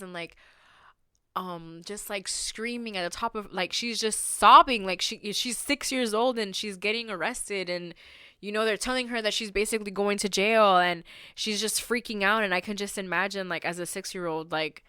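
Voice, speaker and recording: A woman's voice: medium pitch, moderate pace, pushed and bright, clean tone, dry recording, studio quality. A woman hosting a podcast, telling a story in a casual, rambling way with lots of fillers and flaring into heated indignation. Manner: heated and indignant when riled. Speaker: podcast host.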